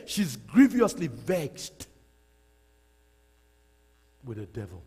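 High-voiced, animated male preacher. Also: slightly rough. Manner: animated, laughing, repeats phrases for emphasis. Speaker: pastor. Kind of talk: sermon. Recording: long reverb of a large hall.

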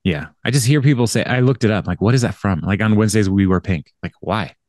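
A man's voice: lowish voice, fast talker, darkish tone, no room sound, studio quality. A man co-hosting a podcast, casually recapping an episode in a rambling way, with lots of fillers and laughter. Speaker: podcast co-host.

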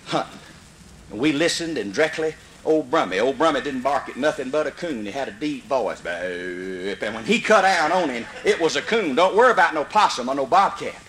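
Animated Mississippi storyteller man. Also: a little high, slight background noise, poor audio. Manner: animated, folksy, bursts into hollers. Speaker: comedian storyteller. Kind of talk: live comedy storytelling.

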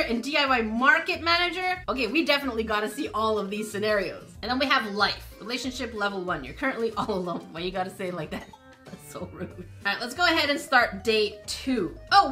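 Woman, gaming streamer, casual let's-play commentary, playful, bright tone, faint music behind. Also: high voice. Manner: playful, reads game text aloud and reacts.

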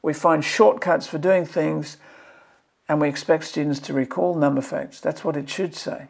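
A man's voice: on the high side, fairly even intonation, normal speed, creaky. A man from Australia, a maths educator presenting a video series, giving earnest, exasperated commentary and pleading with repeated phrases. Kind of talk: impassioned commentary to camera.

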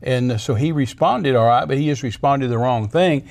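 A man's voice: mid-range voice, normal speed, gravelly, a little mellow. An older man teaching from the Bible as a talk show guest, folksy and storytelling, acting out quotes in a raised voice. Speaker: guest preacher.

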